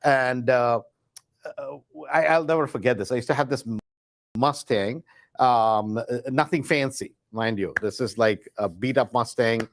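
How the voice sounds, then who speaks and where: A man's voice: medium pitch, unhurried, no room sound. A man from India telling a personal story to an online audience, casual and rambling, with many fillers and restarts. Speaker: host.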